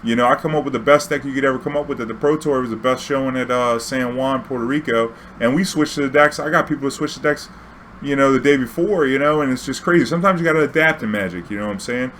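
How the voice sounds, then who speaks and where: A man's voice: mid-range voice, quick pace, fairly bright tone, slight background noise. A young man, telling a casual, profane, slang-heavy story as a vlog host. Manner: profane, laid-back, full of slang and fillers.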